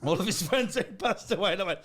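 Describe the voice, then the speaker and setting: A man's voice: high-pitched, expressive, quick pace, a bit bright. A man in his forties, a comedian telling rambling stories in casual chat and laughing at himself. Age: 40s. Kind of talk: casual comic storytelling.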